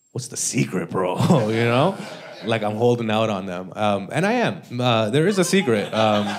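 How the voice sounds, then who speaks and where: Recorded live in a club over audience laughter and a noisy background, a man with a mid-range voice does a stand-up set. He talks loosely and conversationally, peppering lines with "all right?" and "you know?"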